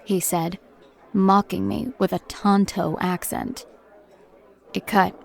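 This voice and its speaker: A woman's voice: medium pitch, very animated, slow, gravelly, some chatter behind, exaggerated voice. An actress voicing a hardened middle-aged mother and paranormal agent, who tells her report in a blunt, grim, dry-humored way. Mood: weary. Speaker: narrator of a recorded report. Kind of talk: audio drama monologue.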